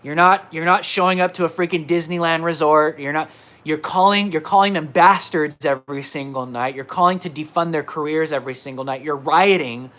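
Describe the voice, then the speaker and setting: Fired-up male independent reporter, livestream rant, slightly high voice, repeats himself hard. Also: brisk, fairly bright tone. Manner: indignant, emphatic, repeats himself. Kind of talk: livestream monologue. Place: indoors at a laptop.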